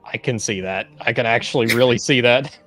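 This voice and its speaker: A man co-reviewing comics in casual chat, speaking in a measured, thoughtful, analytical way. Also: medium pitch, a bit bright, faint music behind.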